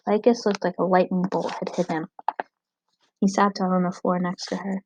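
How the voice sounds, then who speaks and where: A woman reading a novel aloud, narrating in a steady, even way. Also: on the low side, normal speed, slight background noise, poor audio. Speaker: audiobook reader.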